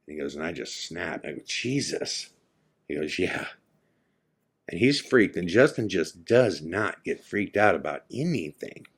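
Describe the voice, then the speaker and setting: Low-voiced man telling a story. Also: moderate pace, breathy edge. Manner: animated retelling, acts out friends' lines, drops to hushed tones for eerie parts. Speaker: podcast host. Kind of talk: casual storytelling.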